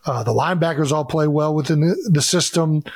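A man's voice: on the high side, a little fast, gravelly, a little mellow, slightly rough, dry recording, clean studio sound. A man in his thirties co-hosting a podcast, talking football animatedly with emphatic rhetorical questions. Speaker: podcast co-host, football player. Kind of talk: casual sports chat.

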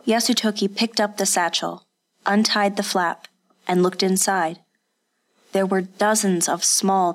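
A woman reads a historical story in steady, scripted narration. Her voice sits somewhat low, and she keeps an even, measured storytelling pace. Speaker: audiobook narrator.

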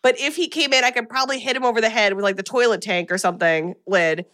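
A woman hosting a podcast, recapping a film in a chatty, animated way with many fillers. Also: a little high, fast talker. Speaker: podcast host. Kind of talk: casual chat recapping a film.

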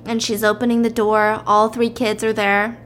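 A woman casually telling a story in a chatty, lively way. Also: a little high, normal speed, slight background noise. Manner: chatty, lively, jumps into character voices.

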